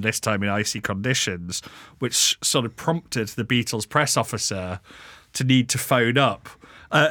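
A man's voice: medium pitch, bright, forceful tone, no echo. A man presenting a story in a casual podcast chat, amused and given to fillers and laughs. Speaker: podcast co-host presenting a topic.

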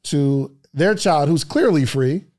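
A man's voice: fairly high pitch, lively intonation, slow, a little mellow. Reflective male podcast host. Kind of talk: casual interview and ad read.

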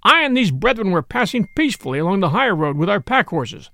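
A man's voice: on the high side, very animated, moderate pace, no room sound, clean studio sound, heavily acted. A man voicing a pompous, indignant bishop in an audiobook reading, huffy and affronted. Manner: huffy and affronted, rising to shouts. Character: pompous, indignant male bishop of middle age.

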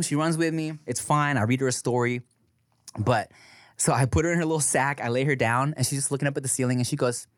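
A man co-hosting a podcast in casual chat, telling animated stories, swearing freely and laughing often. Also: mid-range voice, a little fast, no room sound, studio quality. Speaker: podcast co-host.

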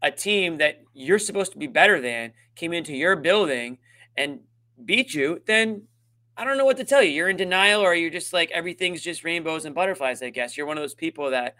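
Bright-voiced man venting about a loss. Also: fairly high pitch, expressive, brisk. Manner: heated, emphatic, venting frustration. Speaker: postgame show co-host. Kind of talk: sports postgame analysis chat.

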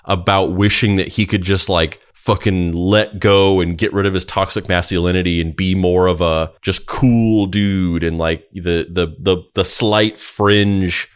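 Low-voiced rambling podcast co-host. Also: male voice, fairly even intonation, clean tone. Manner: rambling, halting. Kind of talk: comedic riffing.

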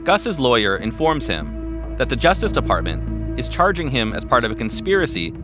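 A man narrating a documentary podcast in a measured, dramatic scripted style. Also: medium pitch, very animated, over music. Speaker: podcast host.

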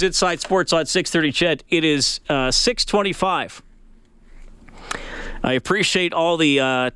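A man's voice: on the high side, a bit bright, smooth, no room sound. A man hosting a sports radio show, talking casually and telling stories with plenty of fillers. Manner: casual, storytelling, many fillers.

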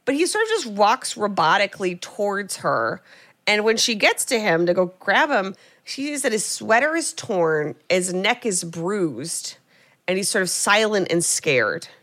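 A young woman co-hosting a podcast, recapping a film in casual chat and acting out quotes with animated storytelling. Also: mid-range voice, measured pace. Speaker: podcast co-host.

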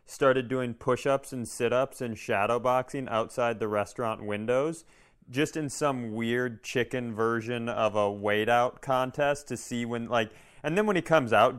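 Male co-host, mid-pitched, smooth tone, dry riffing sidekick. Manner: wisecracking, quick jokes and references. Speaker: podcast co-host. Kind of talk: casual chat.

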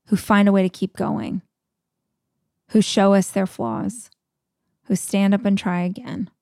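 A woman's voice: medium pitch, darkish tone, dry recording, clean studio sound. A woman hosting a motivational podcast, speaking earnestly and chattily and telling stories with emotion. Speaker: podcast host.

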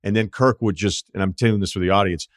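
A man's voice: on the low side, steady tone, quick pace, no room sound, studio quality. A man hosting a sports podcast, asking a guest a long, rambling question in a casual way. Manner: rambling, laughing setups to his questions. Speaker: podcast host. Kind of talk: interview questions, casual chat.

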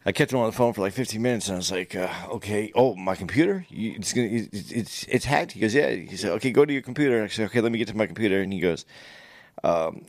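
A man telling a rambling story in casual chat, halting with many restarts. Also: on the low side, expressive, a little mellow, no echo.

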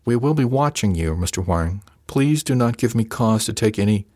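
A man voicing a stern, controlling male starship captain who speaks in slow, measured, menacing tones. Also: fairly low pitch, lively intonation, a little mellow, no echo, studio quality.

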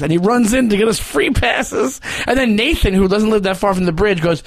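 High-voiced New man telling stories. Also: fairly quick, hardly any pauses, no room sound. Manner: animated storyteller, acts out quotes. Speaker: podcast co-host. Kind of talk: casual chat.

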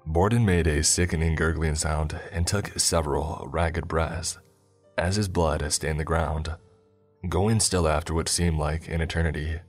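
A man narrating a scripted dark story in a measured, even way. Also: extremely low pitch.

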